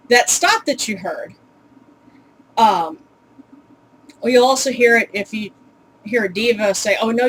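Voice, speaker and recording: A woman's voice: medium pitch, a bit bright, a little hiss or hum, rough recording. A woman casually teaching pronunciation in a home video, chatty and full of ums, with wry, exasperated asides. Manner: chatty, with many ums and uhs.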